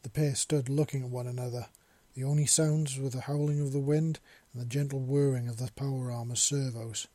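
Brief: male storyteller, dark husky voice, dry close sound. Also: mid-range voice, brisk, few pauses, dry recording. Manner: plain steady reading with small slips. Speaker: narrator. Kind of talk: reading fan fiction aloud.

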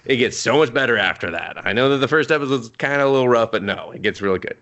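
A man co-hosting a casual podcast chat, gushing excitedly about a show and swearing freely. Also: mid-range voice, fast talker, muffled recording. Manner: excitable, swears a lot, gushes while recapping. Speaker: podcast co-host.

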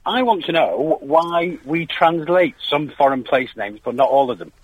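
A man's voice: fairly high pitch, lively intonation, normal speed, slightly rough, dry recording, narrow, tinny audio. A male caller asking a question on a radio phone-in, in a plain, matter-of-fact way. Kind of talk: phone-in chat.

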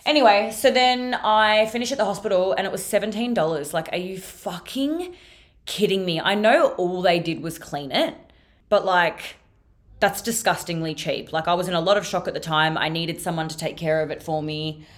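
A woman's voice: fairly low pitch, moderate pace. A young Australian woman hosting a podcast, telling a story in a chatty, sweary way full of "like". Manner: chatty, sweary, filler-heavy with frequent "like". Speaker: podcast host. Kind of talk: casual storytelling monologue.

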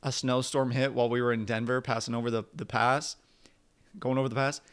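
A man chats casually as a podcast co-host in a relaxed way. He tells his own story after short reactions. His voice is smooth and clear, at a middle pitch. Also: a little fast. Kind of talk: casual chat.

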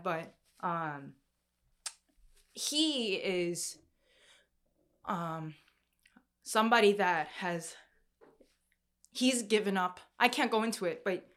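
A young woman telling a personal story to her audience, soft and halting, with many restarts. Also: mid-range voice. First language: Korean heritage, speaks some Korean. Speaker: speaker sharing a personal story.

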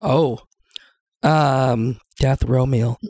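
A man's voice: mid-range voice, extremely slow, darkish tone. A man from the Seattle area hosting a casual interview, joking and self-deprecating. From Seattle area, USA. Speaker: podcast host.

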